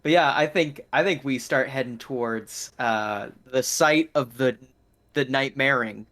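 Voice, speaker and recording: A man's voice: medium pitch, a little slow, fairly bright tone. A man playing a tabletop game, easygoing and chatty. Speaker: player. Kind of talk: casual tabletop game chat.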